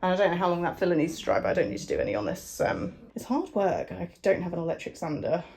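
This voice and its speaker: A woman's voice: lowish voice, very animated, quick pace, gravelly, a little mellow. A young woman vlogging at home, chatting casually in a rambling, self-deprecating way. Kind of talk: casual vlog chat. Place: home, indoors.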